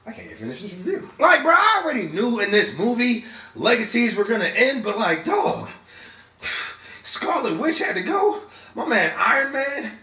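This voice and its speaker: An excitable young man talks through a movie review, swearing freely and laughing as he goes. His voice is high, bright and swings widely in pitch. He sits back from the mic in an echoey room. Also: far from the mic. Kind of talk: animated casual movie review.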